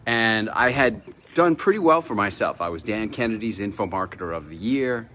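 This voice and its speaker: A middle-aged man hosting a casual vlog from his home, telling a personal story with lively delivery and acted-out dialogue. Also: fairly low pitch, normal speed, slight background noise. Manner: animated storyteller, acts out quoted dialogue. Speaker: vlog host. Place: home in Mexico.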